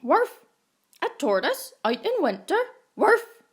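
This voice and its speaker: A woman's voice: high voice, very animated, takes it slowly, pitched above the performer's own voice, exaggerated voice. A woman voicing a boastful dog who barks and mocks in a storybook reading. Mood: mocking. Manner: barking, mocking. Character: loud boastful barking dog.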